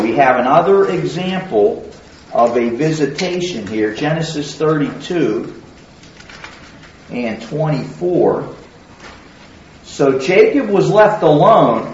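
Questioning preacher in an echoey hall. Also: male voice, fairly high pitch, darkish tone, slight background noise. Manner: conversational teaching, asks the listeners questions. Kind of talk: sermon. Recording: very echoey hall, distant mic, dull sound.

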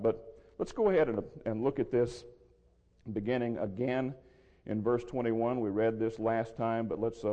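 A man teaching through a Bible passage verse by verse, measured and explanatory, with a dry throat he soothes with water. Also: fairly low pitch, dark tone. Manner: measured, explanatory, restarts phrases. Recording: lo-fi with long hall reverb.

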